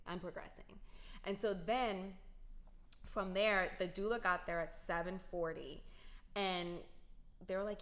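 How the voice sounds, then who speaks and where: This young adult woman vlogs with a medium-pitched, slightly bright voice, speaking slowly and leaving long pauses. She addresses her viewers straight on, recounting something personal in a casual yet emphatic manner.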